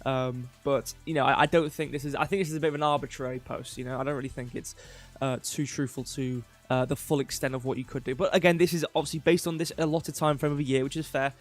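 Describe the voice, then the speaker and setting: A man's voice: mid-range voice, fairly even intonation, quick pace, few pauses, faint music behind. A young man hosting a casual crypto livestream, rambling with lots of fillers and offhand jokes. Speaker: crypto news host.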